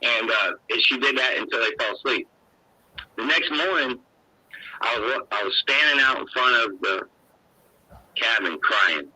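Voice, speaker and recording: A man's voice: mid-range voice, expressive, measured pace, pauses often, sharp tone, slightly rough, dry recording, rough recording. An older man telling a long personal story in a rambling, emotional, folksy way, full of "you know". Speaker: guest.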